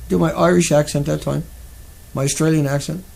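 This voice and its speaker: An agitated man hosts his own live stream. His voice sits high and is deeply gravelly and fry-laden. He circles back on his points and talks straight to his viewers. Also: fairly even intonation, a little fast, darkish tone. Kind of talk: casual live-stream rant.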